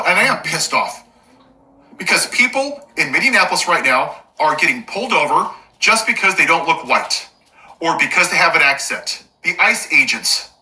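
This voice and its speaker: A man's voice: fairly high pitch, sharp tone, poor audio. A man giving an impassioned political rant to camera, angry and emphatic, with sarcastic, mocking asides. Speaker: political commentator.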